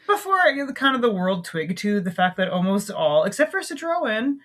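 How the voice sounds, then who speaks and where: A Canadian woman co-hosting a podcast in casual chat, playful and quick to laugh. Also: mid-range voice, sing-song, a bit bright. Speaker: podcast co-host.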